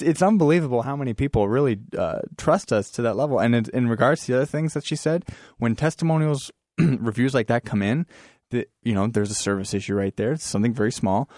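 A man's voice: mid-range voice, darkish tone, no room sound, clean studio sound. A man appearing as a guest on a radio show, talking casually about his company in a rambling way with many fillers. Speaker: business owner as radio guest. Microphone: studio microphone.

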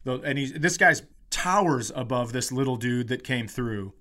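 A man co-hosting a comedy podcast, telling a story in a casual, animated way and acting out the people in it. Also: medium pitch, moderate pace. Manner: animated storyteller, acts out quotes, giggles. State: tired and hungover during the story.

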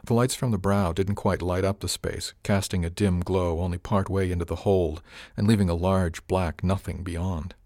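A man giving steady first-person scripted narration of an audiobook. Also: deep voice, moderate pace, no room sound, studio quality.

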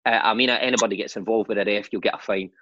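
A husky-voiced Scottish man in his forties spins lively, laughing football stories. His voice sounds dry and close, with a slightly dull, lo-fi tone. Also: fairly low pitch, very fast, dry recording. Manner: animated anecdotes, laughing and swearing. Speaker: guest, former footballer and manager. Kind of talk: casual storytelling chat.

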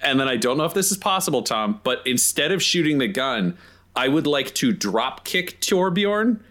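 A man playing a tabletop game, excitedly laying out his character's moves. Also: mid-range voice, moderate pace. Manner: excited, laughing, animated planning. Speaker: player.

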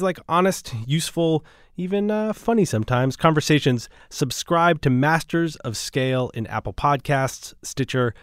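A man's voice: on the high side, smooth, no room sound, studio quality. A man co-hosting a podcast, reading ads and chatting in an upbeat, chatty way with fillers. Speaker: podcast co-host. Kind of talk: casual chat and host-read ads.

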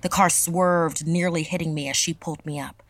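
A woman narrating a scripted horror story in a measured, dramatic way. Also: deep voice, fairly even intonation, no echo.

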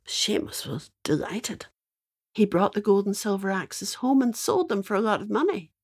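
An older woman with a Northern Irish accent telling a fairy tale to children in a lively, dramatic way. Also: medium pitch, moderate pace, breathy edge. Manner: lively, dramatic, playful asides. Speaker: storyteller. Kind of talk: storytelling to children.

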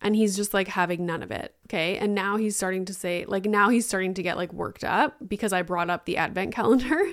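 A woman's voice: mid-range voice, a little fast. A woman in her thirties hosting a solo podcast, telling a candid story about her young son in a chatty, filler-heavy way with some swearing. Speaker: podcast host.

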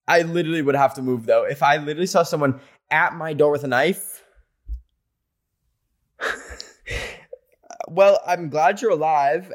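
A man hosting a podcast in a casual chat, talking in a playful way with dramatic exaggeration and frequent laughs. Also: medium pitch. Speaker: podcast host. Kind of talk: casual podcast chat reading listener stories. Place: home in a big city.

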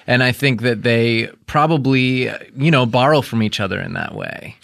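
Pria Amerika santai, bercerita bertele-tele sambil bercanda, suara kering dan dekat mikrofon. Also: male voice, medium pitch, normal speed, creaky, a bit bright, no echo, clean studio sound. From United States. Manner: rambling, joking, acts out impressions. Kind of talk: casual comedic chat.

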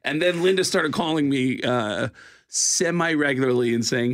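A man, a comedian and voice actor, telling lively comic stories as a radio guest and jumping into quoted voices. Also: fast, dry recording. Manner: lively, jumps into high-pitched quoted voices. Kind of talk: animated comic storytelling.

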